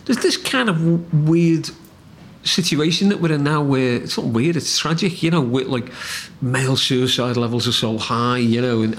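Earnest Liverpool man, gravelly. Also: medium pitch, a little hiss or hum. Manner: earnest, rambling, many fillers. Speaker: TV writer and former police officer. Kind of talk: interview.

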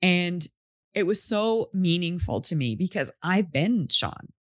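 A woman's voice: on the low side, lively intonation, measured pace, dry recording, clean studio sound. A woman podcast host telling a story in an earnest, heartfelt, casual way.

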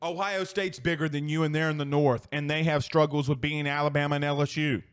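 A man's voice: a little high, level tone, fairly quick, clean tone. A man from South Louisiana with an accent from there, hosting a sports talk show and ranting in a heated, profane way while reading live comments.

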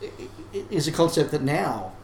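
Over a noisy crowd, a man with a fairly high, gravelly, sing-song voice co-hosts a casual podcast at a moderate pace. He reasons things through analytically and often restarts, and the audio sounds roomy with faint hiss.

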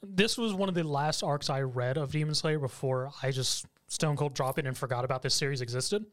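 A man's voice: on the high side, a little fast. A man in casual conversation, reacting with short, laid-back comments and chuckles. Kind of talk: casual chat.

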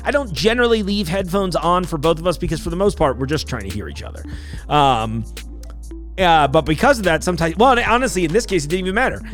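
A man's voice: fairly high pitch, animated, quick pace, faint music behind. A man hosting a podcast, talking casually in a rambling, apologetic way with laughs between thoughts. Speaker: podcast host. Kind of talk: casual solo intro to camera.

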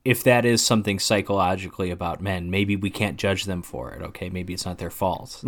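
A man co-hosting a casual movie podcast, animated and laughing often, trailing off quietly at the ends of thoughts. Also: low-pitched, a little fast, hardly any pauses, slight background noise. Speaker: podcast co-host. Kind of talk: casual chat.

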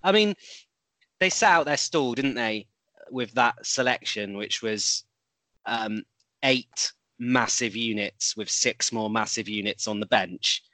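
A man's voice: mid-range voice, takes it slowly, pushed and bright, no echo. A man co-hosting a casual rugby chat, rambling a little with restarts and fillers. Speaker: podcast co-host.

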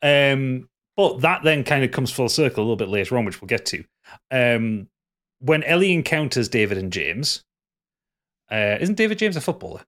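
A man's voice: mid-range voice, sing-song, normal speed, fairly bright tone. A man co-hosting a casual podcast, rambling through a TV episode recap with frequent restarts and laughs. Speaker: podcast co-host.

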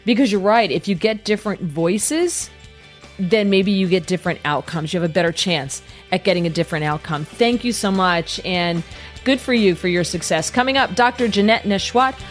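A woman's voice: medium pitch, normal speed, faint music behind. A woman hosting a talk radio show, thanking callers and putting direct, conversational questions to guests. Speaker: radio host.

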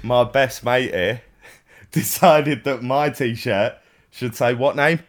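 A man co-hosting a podcast in casual chat, telling stories against himself with a laugh. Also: medium pitch. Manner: self-mocking storyteller, slow and laughing. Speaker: podcast co-host.

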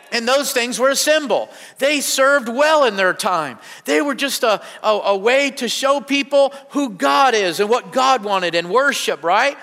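Fervent preacher man, high bright voice. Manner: fervent preaching with repeated amens. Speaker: pastor. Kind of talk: sermon. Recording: church hall reverb.

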